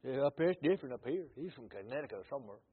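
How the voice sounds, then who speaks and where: Older male preacher, Mississippi drawl, husky, tinny phone-like sound, folksy sermon testimony. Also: expressive, racing. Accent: Mississippi Southern. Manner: storytelling, rises loud then drops low.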